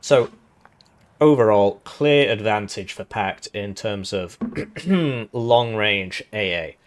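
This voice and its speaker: A man with a hoarse, tiring voice, casually explaining strategy game tactics and often adding "right?". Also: on the low side, animated, takes it slowly. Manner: chatty, explanatory, tag questions. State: hoarse, voice giving out. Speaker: gaming video host.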